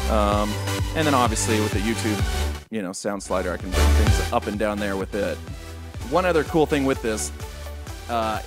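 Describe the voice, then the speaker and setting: A man hosting a casual home tech demo, explaining step by step through an XLR microphone while he adjusts knobs on his mixer. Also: on the low side. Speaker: gear demo host.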